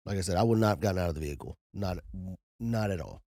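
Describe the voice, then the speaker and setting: A man co-hosts a podcast, giving blunt, wry takes. His voice is lowish and mellow, recorded close and dry. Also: fast talker, no echo. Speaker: podcast co-host. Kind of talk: casual podcast chat.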